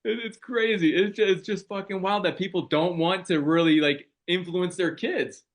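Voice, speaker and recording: A man's voice: high voice, normal speed. Brash profane man in casual chat. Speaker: podcast host.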